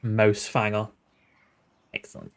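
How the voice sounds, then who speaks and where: A man's voice: fairly low pitch, monotone, slow, creaky, clear, resonant tone. A man in his late thirties, streaming a game with wry, sweary chatter, reading its dialogue aloud. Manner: sweary, wry, chuckling asides. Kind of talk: casual let's-play commentary, reading game dialogue aloud.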